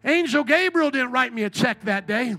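A man preaching a sermon to a congregation, telling stories with joking asides, calling for responses and shouting at the peaks of praise. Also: very high voice, normal speed. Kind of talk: sermon with storytelling. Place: church before a congregation.

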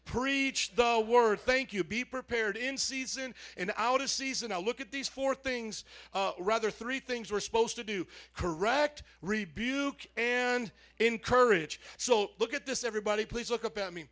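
A man speaking as a pastor, giving a lively, joking sermon introduction in a church and calling on the congregation to answer back. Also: very high voice, moderate pace, hardly any pauses. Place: church sanctuary.

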